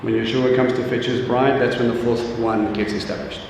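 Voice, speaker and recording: A man's voice: mid-range voice, level tone, moderate pace, background noise. Echoey, distant man preaching conversationally. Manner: chatty, jokey, questions the audience directly. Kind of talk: informal sermon to a congregation. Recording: echoey hall, distant mic, faint ambience.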